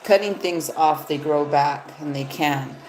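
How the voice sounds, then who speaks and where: Woman doing a live tarot reading, low voice, cussing and rambling, roomy echo. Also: a little slow, darkish tone, a little hiss or hum. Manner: loose, profane, rambling. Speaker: tarot reader. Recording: echoey room.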